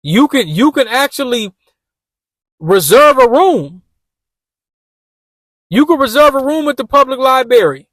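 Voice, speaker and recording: High-voiced man chatting casually in slang. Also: lively intonation, a little fast, hardly any pauses, fairly bright tone, no room sound. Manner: loose, repetitive street slang, addresses viewers as y'all. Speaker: vlogger giving job-interview tips. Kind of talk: casual talk while driving. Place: car.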